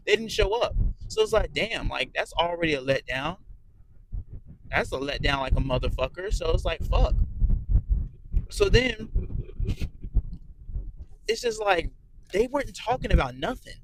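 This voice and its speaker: This is a man with a slightly raised pitch, talking off the cuff in a profane, meandering review. He speaks bluntly, circles back on himself and leans on fillers. A faint noise sits under the recording. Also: creaky, a bit bright, low-quality recording. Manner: rambling, blunt, heavy cursing, frequent fillers. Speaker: reality show reviewer. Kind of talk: casual profane audio review.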